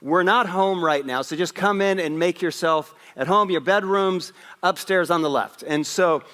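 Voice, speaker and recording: Pastor telling a story in a reverberant hall. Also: male voice, high voice, moderate pace. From West Africa. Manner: animated storyteller, raising his voice for punchlines. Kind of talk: Christmas Eve sermon with storytelling. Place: church sanctuary.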